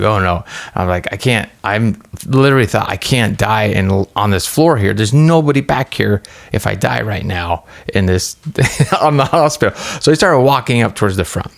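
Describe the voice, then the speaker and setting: Low, gravelly man telling a story. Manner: rambling, halting retelling with many restarts and fillers. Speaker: podcast co-host. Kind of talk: casual storytelling chat.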